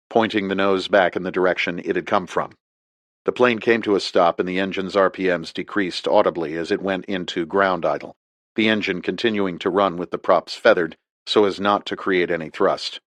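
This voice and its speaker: Male audiobook narrator, deep and steady, dry close sound. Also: moderate pace, no room sound.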